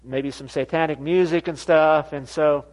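A man's voice: a little high, normal speed. A man preaching in a church, telling a story with laughs and acted-out quotes. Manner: animated, laughing storyteller who acts out quoted voices. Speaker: pastor. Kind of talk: sermon with storytelling. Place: church sanctuary.

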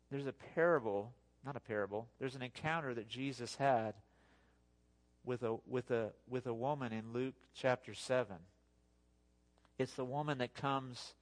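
A man giving a sermon as a pastor, talking to the congregation in a conversational, animated way with asides. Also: mid-range voice, a little slow, pauses often.

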